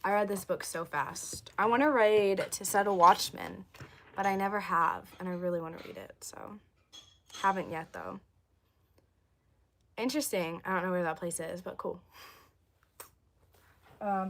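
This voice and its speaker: A young woman chatting on a livestream, rambling and answering viewer comments, her voice going hoarse. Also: medium pitch, a little hiss or hum. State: losing her voice, coughing. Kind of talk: casual livestream chat.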